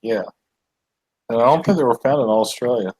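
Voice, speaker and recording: A man's voice: medium pitch, brisk, a little mellow, breathy edge, no room sound, poor audio. A man chats casually on an online call, throwing out playful questions and stumbling over his words a little. His voice sounds dry and close to the mic. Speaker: hangout participant.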